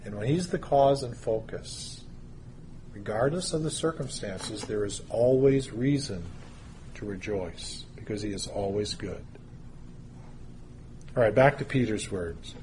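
A man preaching a sermon, teaching through a Bible passage in a measured way with pauses and stressed words. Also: fairly low pitch, a little mellow, slight background noise.

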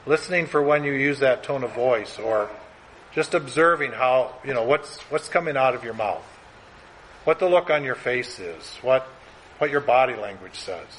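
A man teaching a class in an earnest, conversational way, sometimes quickening as he acts out examples. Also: medium pitch, animated, fairly bright tone, a little hiss or hum, poor audio. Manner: earnest, conversational, speeds up when acting out examples.

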